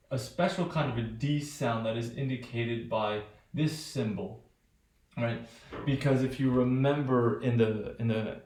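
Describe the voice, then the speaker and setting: A male teacher with a General American accent, lecturing on pronunciation, halting, restarting often and checking with "right?". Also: mid-range voice, a little mellow, reverberant. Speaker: phonetics teacher. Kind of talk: recorded remote lecture.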